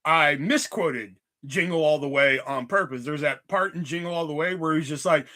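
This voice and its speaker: Animated, expressive young man telling stories. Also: on the high side, moderate pace, hardly any pauses. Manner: animated, profane, acts out quotes. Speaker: livestream host. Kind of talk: casual storytelling chat.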